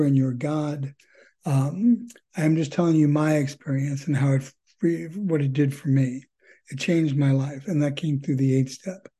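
A man's voice: a little high, warm tone, husky. An older man telling his story at a recovery meeting, earnest and rambling, with many fillers and repeated words. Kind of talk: personal testimony.

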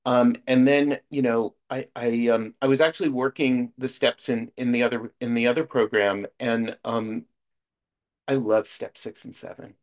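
A middle-aged man gives a personal share at a support meeting. He talks frankly and casually, padding his thoughts with fillers and quick asides. His voice sits at a moderate, average pitch. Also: little pitch movement, darkish tone. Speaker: speaker sharing at a recovery meeting.

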